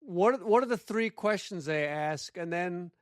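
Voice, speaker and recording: A man's voice: sits high, animated, a little slow, clear, resonant tone, no room sound, studio quality. A man hosting an interview, prompting his guest with encouraging questions. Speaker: interview host. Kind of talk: conversational interviewing.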